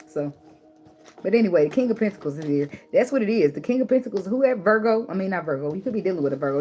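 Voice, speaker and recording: A woman's voice: fairly low pitch, a little mellow. Blunt, swearing woman reading tarot. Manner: blunt, preachy, swears freely, repeats for emphasis. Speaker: tarot reader. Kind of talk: casual spiritual advice monologue.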